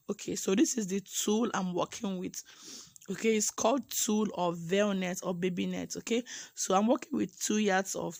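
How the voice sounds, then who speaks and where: A woman with a hoarse voice, teaching a sewing tutorial and checking in with "okay?" between steps. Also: mid-range voice, a little mellow, no room sound. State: hoarse, has lost her voice.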